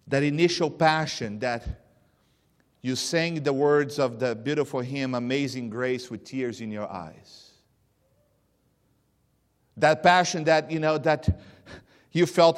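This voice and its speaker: A man preaching a sermon, swinging between loud emphatic bursts and hushed, low lines. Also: unhurried, pauses often. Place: church sanctuary. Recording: long reverb of a church hall.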